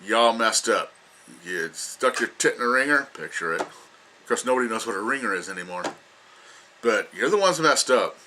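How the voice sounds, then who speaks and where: A man's voice: medium pitch, lively intonation, moderate pace, bright, forceful tone, slight background noise. An older man giving an emphatic, lecturing opinion rant as a vlogger, repeating himself for emphasis.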